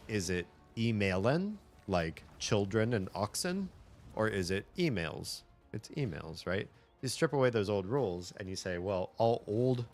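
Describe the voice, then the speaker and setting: Low-voiced rambling male streamer. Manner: rambling, talkative, lecturing on language. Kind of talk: casual chat with stream viewers. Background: faint game music.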